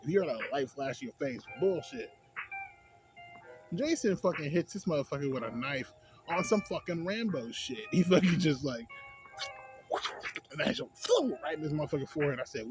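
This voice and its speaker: A man's voice: a little high, animated, normal speed. A man casually rambling through a movie review, slangy and profane, full of filler tags. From a city. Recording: music playing loudly behind.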